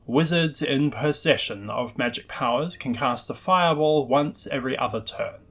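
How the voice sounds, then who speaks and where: A man putting on an English accent to read out an old wargame rulebook as a stuffy, formal English reader, in a measured, formal way. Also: mid-range voice, fairly bright tone, soft background music. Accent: put-on English.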